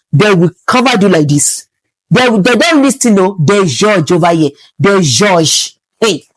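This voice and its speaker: A young woman with a Nigerian accent giving casual advice as a medical student vlogger, preachy and animated, slipping into pidgin asides. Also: lowish voice, no echo.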